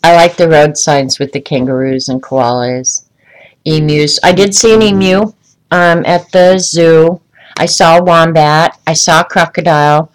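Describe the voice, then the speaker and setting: A woman chats on a home livestream, showing off her things. She rambles easily and calls out to viewers by name. Her voice sits a little low. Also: steady tone, measured pace, rough recording. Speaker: vlogger showing travel souvenirs. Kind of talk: casual livestream chat. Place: room at home.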